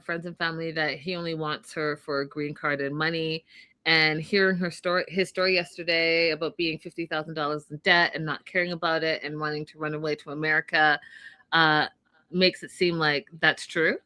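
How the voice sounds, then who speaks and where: A woman's voice: deep voice, pushed and bright, clear, resonant tone, no room sound. A woman co-hosting an online recap show, talking casually and with strong opinions about a reality TV episode. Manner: opinionated, acts out quotes from the episode. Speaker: podcast co-host.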